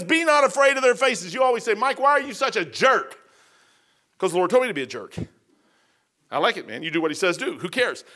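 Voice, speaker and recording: A man's voice: high-pitched, pushed and bright. A man, preaching a folksy sermon with casual asides and self-mocking humor. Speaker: pastor.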